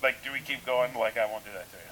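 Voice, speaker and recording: A man's voice: medium pitch, fast talker, a bit bright, slight background noise, low-quality recording. A man preaching a sermon in a casual, conversational way, full of rhetorical questions and restarts. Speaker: pastor.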